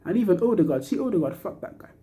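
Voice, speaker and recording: A young man lets loose an angry football rant, full of swearing and slang. His voice sits a little high, with a dark, mellow tone. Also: lively intonation, racing, slight background noise. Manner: frustrated, swearing, slang-heavy ranting. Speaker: football fan reacting to a match. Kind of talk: angry post-match fan rant.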